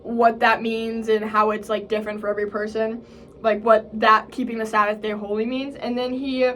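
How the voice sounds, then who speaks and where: A woman's voice: little pitch movement, normal speed, faint music behind. A young woman in college, chatting casually in a vlog, filling her speech with "like" and acting out what others said. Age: young adult. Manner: chatty, fillers like "like" and "bro", acts out quotes in a higher voice. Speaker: college vlogger.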